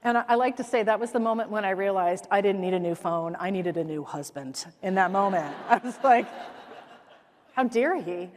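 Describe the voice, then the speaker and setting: A woman's voice: medium pitch, a little fast, hardly any pauses. A middle-aged woman from the Midwest delivers a conference keynote, telling stories with energy and playing the people in them. Her voice sits in a middle range for a woman. The sound carries the long reverb of a big hall. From American Midwest. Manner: lively storytelling, acts out quoted voices. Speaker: keynote speaker. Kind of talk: keynote talk on stage.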